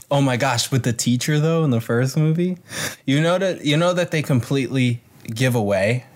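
A young man co-hosting a casual film podcast, excitedly quoting scenes and bursting into loud laughter. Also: mid-range voice, normal speed. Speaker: podcast co-host. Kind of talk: casual chat about films.

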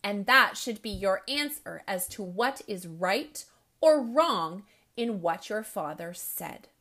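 A woman voicing a kind, calm male school principal who speaks quietly and patiently in a storybook reading. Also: mid-range voice, slow, heavily acted. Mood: soothing.

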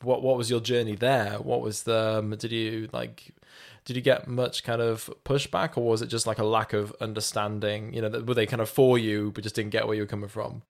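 A man hosting a podcast, asking questions in a relaxed, hesitant way and often rephrasing them. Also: fairly low pitch, a little fast, gravelly. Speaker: podcast host. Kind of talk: casual interview questions.

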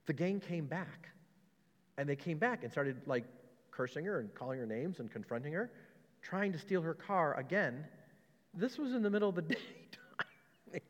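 Animated pastor preaching in a reverberant hall. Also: male voice, fairly high pitch, moderate pace, pauses often. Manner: animated, mocking quotes with laughs. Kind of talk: sermon.

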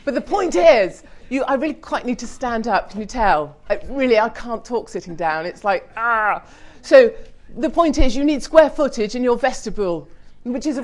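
A middle-aged British woman speaking on a business panel, blunt and humorous, growing more animated as she urges the audience on. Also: on the high side. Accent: British English. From United Kingdom. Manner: blunt, energetic, humorous, mildly swearing. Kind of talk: lively panel talk to an audience.

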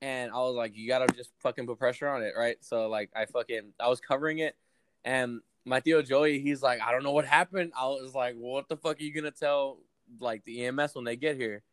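A man's voice: mid-range voice, fairly even intonation, brisk, dry recording. A young man casually telling a long story to friends, rambling and profane with lots of fillers. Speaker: podcast co-host telling a story.

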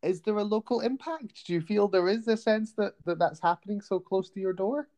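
A man's voice: sits high, fairly quick, darkish tone. A man hosting a casual chat podcast, rambling and hesitant, with plenty of fillers as he feels his way through points. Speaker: podcast host.

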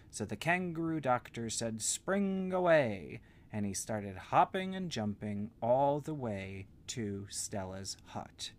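A man telling an improvised bedtime story to a child in a gentle, meandering way with simple words. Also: lowish voice, vocal fry, a little hiss or hum.

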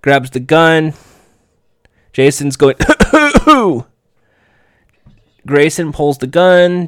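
A man talks through a TV episode in a casual, offhand play-by-play, sarcastic and quick to swear. His voice sits a little high and sounds smooth, and he takes his time. The recording is dry and close. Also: big pitch swings, a bit bright, no echo. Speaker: TV episode recapper. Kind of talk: casual play-by-play recap commentary.

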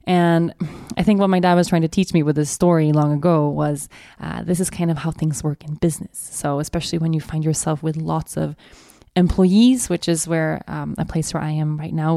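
A woman's voice: low voice, steady tone, moderate pace, vocal fry, no room sound, studio quality. A woman in her thirties hosting a podcast, telling personal stories in a candid, reflective way with frequent laughs. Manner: candid, laughs often, warm storytelling. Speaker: podcast host.

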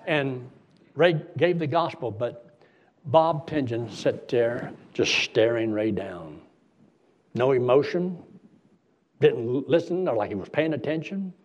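Husky man preaching through a story. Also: medium pitch, muffled recording. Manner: animated storyteller acting out dialogue. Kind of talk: sermon storytelling.

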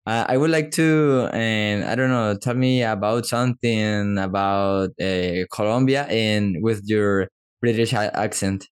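Halting male host. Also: lowish voice, smooth. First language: Spanish. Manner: halting, searches for words, many restarts. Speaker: podcast host. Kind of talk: casual interview.

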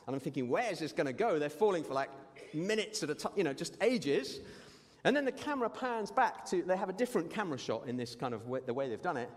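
A man preaching a sermon, telling stories in an animated way with lively asides. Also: on the high side, fast talker. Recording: long hall reverb.

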